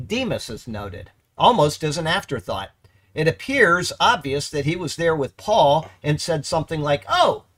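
A man teaching verse by verse through a Bible letter, halting and correcting himself, then pressing points with emphasis. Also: on the high side, fairly bright tone.

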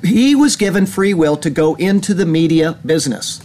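A man's voice: expressive, moderate pace, darkish tone, a little hiss or hum. A male pastor giving earnest sermon commentary in a small church, reading news items and pressing his points with mounting indignation. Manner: earnest, rising in pitch when indignant. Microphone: camera.

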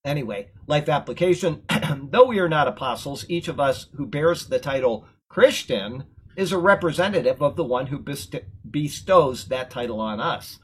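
A man teaching a Bible lesson, explaining words verse by verse and drifting into relaxed, chatty tangents. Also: fairly high pitch, moderate pace, slightly rough, rough recording. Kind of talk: verse-by-verse Bible commentary with casual asides.

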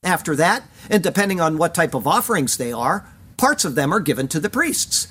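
A man's voice: on the high side, very animated, a little fast, a bit bright, breathy edge. Man giving earnest verse-by-verse Bible commentary. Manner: earnest, emphatic, reads Hebrew aloud. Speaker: Bible teacher.

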